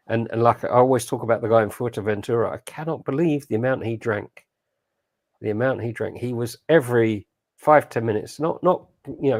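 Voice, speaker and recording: Guy, gravelly, blunt and animated, chatting on a podcast. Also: medium pitch, dry recording, studio quality. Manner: blunt and animated, acting out quoted voices. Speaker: podcast co-host. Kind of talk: casual chat.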